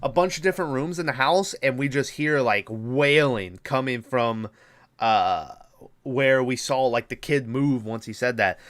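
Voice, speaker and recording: This man's medium-pitched voice is a bit bright and a little slow. Hosting a podcast, he rambles casually through a horror movie recap, heavy on profanity and filler words.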